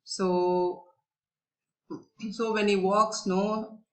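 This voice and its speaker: A woman's voice: mid-range voice, flat delivery, drawn-out words, fairly bright tone. A woman teacher explaining a story to young children, repeating herself, searching for words and asking them questions.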